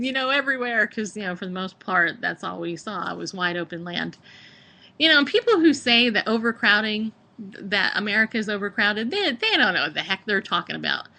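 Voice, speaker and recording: A woman's voice: medium pitch, sharp tone. A woman from California, rambling casually about a road trip as a podcast host, with lots of fillers and laughter. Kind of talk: casual travel chat.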